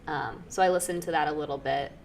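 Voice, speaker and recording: Gravelly low-voiced young woman. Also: fast, slight background noise. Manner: relaxed, reads facts off, fillers. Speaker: podcast co-host. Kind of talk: casual chat. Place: small studio in a dorm basement. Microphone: desk microphone.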